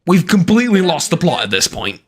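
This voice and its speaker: A man's voice: on the high side, sing-song, fairly quick, slightly rough. A man streaming a live let's-play, talking in a rambling, sarcastic, stammering way. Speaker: game streamer.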